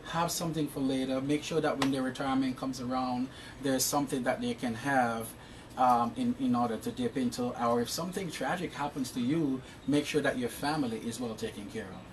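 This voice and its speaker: Jamaican man, interview guest, earnest, stumbles and repeats words, mid pitch, faint background hiss. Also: fairly even intonation, a little fast, far from the mic. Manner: explains at length. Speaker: interview guest, insurance professional. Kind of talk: casual interview answers.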